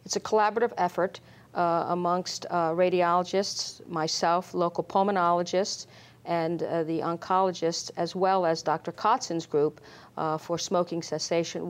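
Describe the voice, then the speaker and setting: A middle-aged woman, a lung doctor, explaining screening in an interview, measured and full of fillers. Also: on the low side. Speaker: pulmonologist guest. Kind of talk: medical interview.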